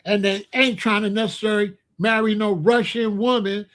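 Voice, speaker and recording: Man, high voice, blunt repetitive livestream talk, middle-aged. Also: level tone, moderate pace, a bit bright. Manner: blunt, repetitive, asks the chat questions. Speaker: livestream host. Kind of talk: casual livestream monologue.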